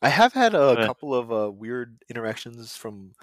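A man's voice: medium pitch, normal speed, no room sound, clean studio sound. Laid-back man hosting a podcast. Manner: laughs often, relaxed rambling anecdotes. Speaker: podcast host. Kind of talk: casual chat.

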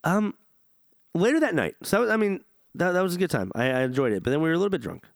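Young male podcast co-host, quick and lively, swears freely, slightly higher voice, dry close sound. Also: vocal fry, no room sound. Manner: rambling, profane storytelling. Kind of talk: casual chat.

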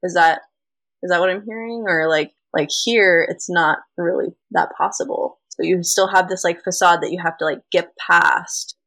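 Woman host, chatty and rambling, low pitch, dry recording. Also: steady tone, moderate pace, fairly bright tone, no room sound. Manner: chatty, lots of "like" fillers. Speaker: podcast host. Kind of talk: casual chat.

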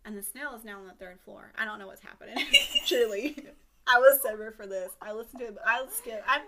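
A young woman podcast host retelling a story casually, animated, swearing and filling with "like". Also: medium pitch, fairly quick, a crowd in the background. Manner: animated, swearing, many "like" fillers.

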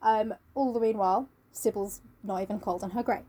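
Woman chatting about a book, lots of ums, warm low-ish tone. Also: brisk. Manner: chatty, rambling, many fillers. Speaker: podcast co-host. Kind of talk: casual book discussion.

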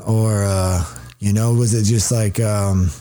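A man in his thirties talks in a candid, casual way, blunt and full of profanity. He stops and restarts his sentences. His voice sits on the low side and sounds dark and mellow. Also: fairly even intonation, slow pace, a little hiss or hum.

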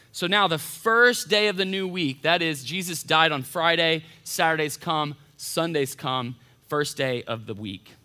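Bright-voiced pastor preaching casually. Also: male voice, on the high side. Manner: informal, animated, acts out voices in retelling. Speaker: college pastor. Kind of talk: casual sermon. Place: church hall.

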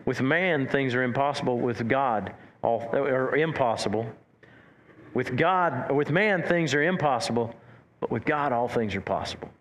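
A man preaching a sermon as pastor, animated, stumbling over repeated words and acting out quotes. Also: medium pitch, a little slow, slight background noise.

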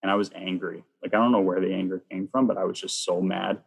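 This Canadian interview guest talks fast as he relates his faith testimony in a very deep, husky voice. His telling is animated, with the remarks others made to him acted out, and his voice echoes at length as though in a big room.

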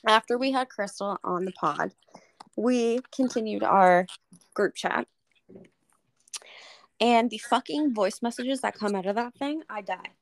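A young woman co-hosting a podcast over a remote call, animated and swearing freely in casual chat. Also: on the high side, a little slow, long pauses, slight background noise. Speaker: podcast co-host.

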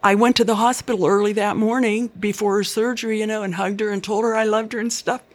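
A woman's voice: mid-range voice, fairly even intonation, fast talker. Older woman, interviewee, earnest and chatty storyteller who quotes people. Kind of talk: personal life story.

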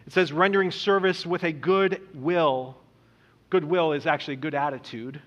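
A man with a raised, fairly high voice delivers an earnest sermon, often repeating words and slowing down to stress quoted lines. His voice rings with the long reverb of a large hall. The recording sounds muffled and lo-fi. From Indonesia. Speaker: pastor.

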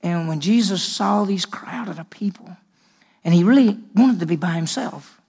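A man, a senior pastor, preaching a conversational sermon, repeating words as he goes and swinging between emphatic and hushed. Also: high voice, moderate pace, vocal fry, slightly rough.

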